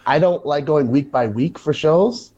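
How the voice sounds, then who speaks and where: A man, a pro wrestler, chatting casually and telling animated stories, acting out what people said. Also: on the high side, normal speed, lo-fi sound. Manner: animated storyteller, acts out quotes. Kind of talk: casual conversation.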